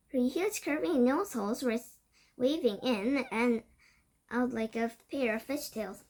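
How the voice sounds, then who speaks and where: A woman reading a children's novel aloud, with steady narration and occasional slips over words. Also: a little high, a little slow. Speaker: storybook reader.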